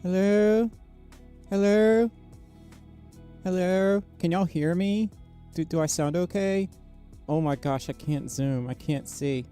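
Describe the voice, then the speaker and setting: A tired livestreamer chatting casually with viewers, speaking quietly and haltingly, with lots of fillers and a microphone right up against the mouth inside a costume head. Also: soft background music. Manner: quiet, low-energy, halting with many fillers. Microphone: microphone very close to the mouth inside a costume head.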